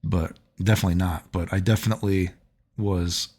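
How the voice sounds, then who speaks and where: A man's voice: deep voice, fairly even intonation, brisk, a little mellow, slightly rough. A man vlogging, telling personal stories in a loose, rambling way, full of fillers and frequent laughter. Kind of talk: casual rambling storytelling.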